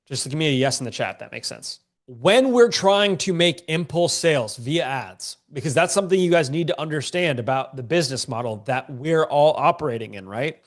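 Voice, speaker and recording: A man's voice: on the high side, lively intonation, fairly quick, few pauses. A man teaching a live-streamed business class, a bit congested, talking in a casual, joking, slangy way to viewers in a chat. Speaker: online business coach.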